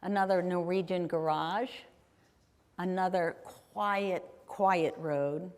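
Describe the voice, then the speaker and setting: A woman's voice: on the low side, fairly even intonation, slow pace, a little mellow. A woman from Ohio giving a chatty, enthusiastic live travel talk with slides, often asking the audience questions. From Ohio, USA. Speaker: guest speaker. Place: performing arts center auditorium. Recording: long reverb of a large hall. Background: live audience in a hall.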